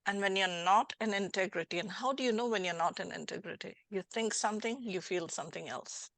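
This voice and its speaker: A woman life coach hosting a conversational interview, animated and acting out little scenes as she explains. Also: mid-range voice, brisk, vocal fry, dry recording. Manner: animated, acts out little scenes with changing voices. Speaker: life coach and podcast host.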